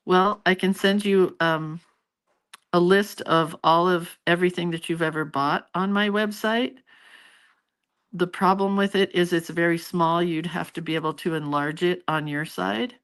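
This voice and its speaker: A woman's voice: on the low side, fairly even intonation, a little slow, a bit bright. A middle-aged woman hosting a casual live stream, chatting with her viewers and reading out their comments in a rambling, familiar way.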